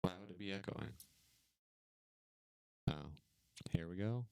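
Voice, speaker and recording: A man's voice: deep voice, slow, gravelly, long pauses, a little mellow, clear, resonant tone, dry recording. A man co-hosting a let's play stream, casual and laid-back, puzzled as he tests his microphone. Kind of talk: casual gaming chat.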